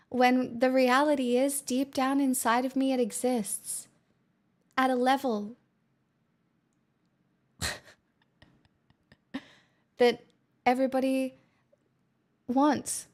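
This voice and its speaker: A woman's voice: high voice, flat delivery, slow pace, long pauses, a little mellow. A woman streamer chatting casually with her viewers, playful, giggly and teasing. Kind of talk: casual chat.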